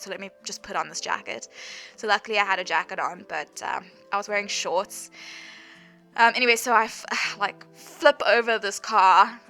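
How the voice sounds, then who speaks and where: A woman's voice: mid-range voice, pushed and bright. A young woman in her twenties, chatting through a storytime voice-over with lots of "like" and frequent laughter. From South Africa. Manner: chatty, lots of "like", laughs often while telling. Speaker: vlogger. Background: faint background music.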